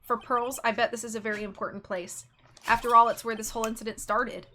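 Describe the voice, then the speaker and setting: A woman's voice: a little high, level tone, fast talker, sharp tone, a little hiss or hum. Woman doing a wry young male lawyer. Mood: thoughtful. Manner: wry, casual inner monologue. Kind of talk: dramatic game reading.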